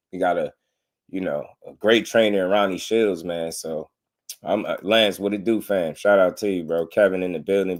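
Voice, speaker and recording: A man giving casual boxing commentary on a live stream, slangy and animated, laughing often. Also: sits low.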